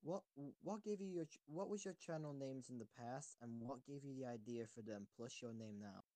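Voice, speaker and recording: A man's voice: mid-range voice, moderate pace, dark tone, no echo. A man co-hosting a podcast in casual chat, teasing, blunt and crude.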